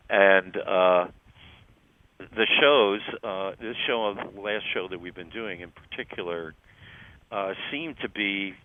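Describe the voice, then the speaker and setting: Older man with a Philly accent, very low voice, unhurried and halting, heard over a tinny phone line. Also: slight background noise. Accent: Philadelphia. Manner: relaxed, halting, many ums and uhs, wry laughs. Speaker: interview guest, musician. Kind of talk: phone interview chat.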